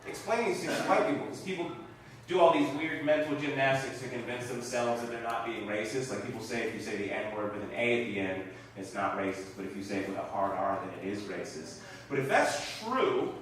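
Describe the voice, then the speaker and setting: Young man, stand-up comedian, lively swooping delivery, very echoey room, distant mic. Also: medium pitch, brisk, slight background noise. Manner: animated, shouts mock lines at the crowd. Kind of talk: stand-up set. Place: small comedy theater stage.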